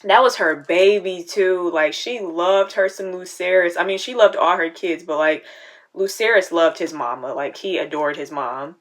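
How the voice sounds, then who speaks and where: A woman's voice: fairly low pitch, normal speed, soft background music. A woman hosting a casual reaction video, chatting and talking back at the screen.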